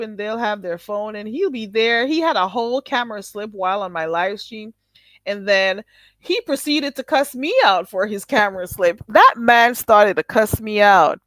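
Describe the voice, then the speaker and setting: A woman's voice: a little high, dry recording. A woman hosting a casual livestream, reading and answering her viewers' chat with lots of laughter. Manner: animated, laughing, talks back to chat. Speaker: livestream host.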